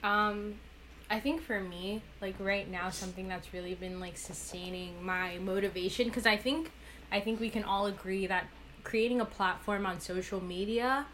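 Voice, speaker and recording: Young adult woman, podcast guest, earnest, reflective, frequent fillers, mid-pitched voice. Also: a bit bright, slight background noise. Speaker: podcast guest, women's rights activist. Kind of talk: casual conversational interview.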